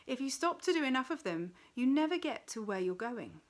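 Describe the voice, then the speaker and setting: Woman reader as petty-task demon, male, snarling then silky, pitched up. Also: very animated, brisk. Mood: menacing. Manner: snarling, then soft deceitful whisper. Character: sly male demon of petty tasks, menacing.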